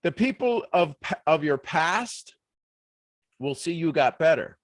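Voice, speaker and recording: A man giving a motivational leadership talk on a live stream, animated, full of rhetorical questions and restarts. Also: a little high, a little slow, no echo. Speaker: leadership speaker.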